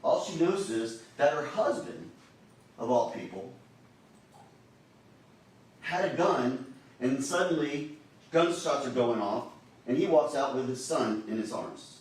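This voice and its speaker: A man's voice: medium pitch, animated, slow pace, long pauses. A man arguing a case to a jury in a large courtroom, speaking with emphatic urgency. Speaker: trial attorney. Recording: very echoey courtroom audio from a distant mic with faint hiss.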